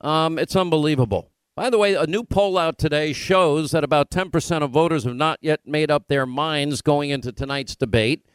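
A man hosting a political talk radio show from a remote broadcast location, firing off rapid rhetorical questions. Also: a little high, clean tone, no echo.

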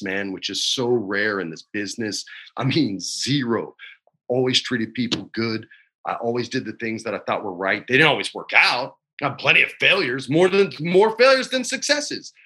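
A man's voice: mid-range voice, bright, forceful tone. A man in his forties, a guest in a casual interview, speaking candidly and with feeling, often adding "man" and "dude". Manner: candid, emotional, says "man" and "dude" a lot.

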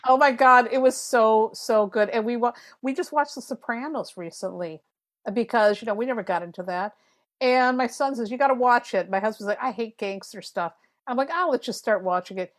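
A middle-aged woman talks casually as a podcast guest, lively and expressive, acting out what she said in her stories. Her voice sits a little high for a woman. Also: a little fast. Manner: animated storyteller, acts out her own quotes. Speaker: guest, tarot reader.

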